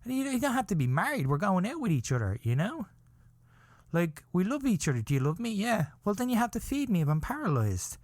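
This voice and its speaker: A man telling a rambling, comic story on his own podcast, laughing as he goes. His voice swings up and down with lively energy. It is recorded close and dry, with no room sound. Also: high-pitched, a little fast, dry recording. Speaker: podcast host.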